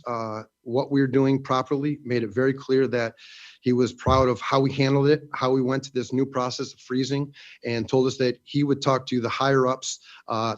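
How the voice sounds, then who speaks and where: A man's voice: mid-range voice, muffled recording. A man, a farmer from Western New York, giving an earnest, emotional public comment at a hearing, with many fillers.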